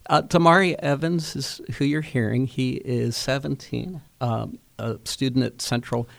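A man hosting a radio interview, rambling and halting, with many restarts and fillers. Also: medium pitch, fairly even intonation, vocal fry, no room sound. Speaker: radio host.

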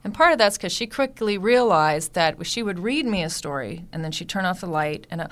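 A woman in her thirties telling a personal family story with lively, animated delivery. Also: fairly low pitch, brisk, few pauses. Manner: lively, animated retelling with acted-out quotes. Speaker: storyteller guest.

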